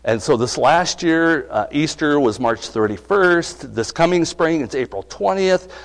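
A man's voice: a little high, expressive, a little slow. A middle-aged male pastor preaching a sermon, conversational and asking his congregation questions. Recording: long reverb of a hall.

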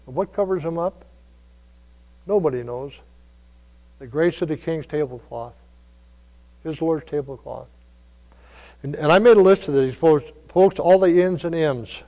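Male preacher, fairly high voice, folksy storyteller, church hall reverb. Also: a little slow, long pauses, muffled recording. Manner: folksy storytelling, shifts between soft asides and loud calls. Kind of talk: sermon.

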